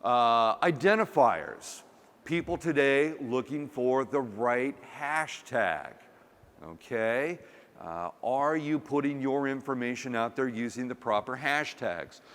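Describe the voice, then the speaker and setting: Animated man speaking in a reverberant hall. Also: medium pitch, slow pace. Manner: animated, humorous storytelling with acted quotes. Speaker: conference speaker. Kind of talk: storytelling keynote talk. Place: conference hall.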